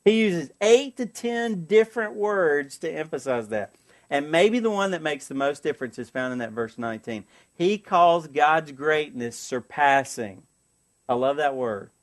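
A man preaching a sermon as pastor, earnest, asking the congregation for an amen and slowing down to read scripture. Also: a little high, lively intonation. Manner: earnest, call-and-response asides, slows for scripture.

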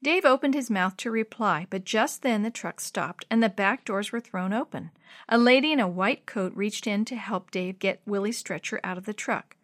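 A woman's voice: mid-range voice, normal speed. A woman reading a children's chapter book aloud in a scripted narration, lifting her voice for the dialogue. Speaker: storybook reader.

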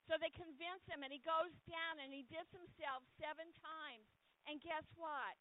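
A woman's voice: high voice, normal speed. A woman preaching a sermon, telling a story with energy and acting out the voices in it. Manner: animated, acts out the voices in the story. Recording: tinny phone-like sound.

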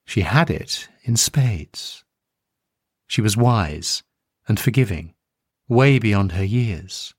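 A man narrating a first-person story in a slow, tender, reflective way. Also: on the low side, expressive, husky, dry recording, studio quality.

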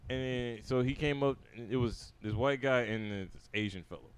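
A man's voice: mid-range voice, heavy background noise. A young man casually telling a story to friends on a podcast, acting out the people he quotes. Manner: fast, animated anecdote telling with quoted dialogue. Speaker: podcast co-host.

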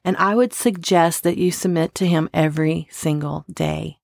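A woman's voice: sits low, fairly even intonation, normal speed, creaky, a little mellow, dry recording, studio quality. A woman giving an earnest, encouraging daily devotional talk, asking listeners to work with God. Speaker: devotional speaker.

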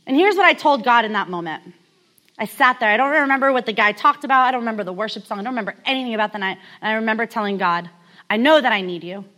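A woman's voice: fairly high pitch, animated, very fast, pushed and bright. A woman in her thirties from California giving a candid, conversational sermon told as a personal story, with many casual fillers. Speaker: speaker.

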